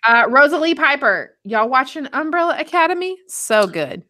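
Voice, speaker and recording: Woman, bright voice, fairly high pitch, reads listener questions, brisk. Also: big pitch swings. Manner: brisk, reads with filler "um, okay". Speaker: producer reading listener questions. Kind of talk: reading questions aloud.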